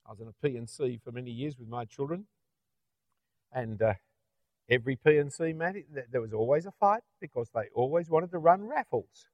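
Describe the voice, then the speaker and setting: A middle-aged Australian man delivers a sermon in a chatty manner, often tossing out rhetorical questions like "isn't it?" His voice sits slightly high for a man. The recording sounds dull and lo-fi in a dry, dead room. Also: big pitch swings, a little fast, a little mellow, no room sound. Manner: conversational, with rhetorical tag questions. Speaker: preacher.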